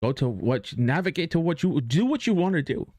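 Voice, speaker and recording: A man's voice: a little high, sing-song, moderate pace, darkish tone, no room sound. A man streaming live who talks casually and earnestly about motivation, rambling with many restarts and fillers and swearing now and then.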